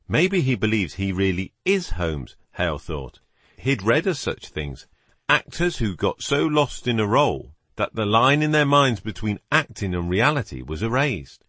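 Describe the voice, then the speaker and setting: Expressive low-voiced male narrator. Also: normal speed, husky, no echo. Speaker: audiobook narrator. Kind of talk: scripted narration.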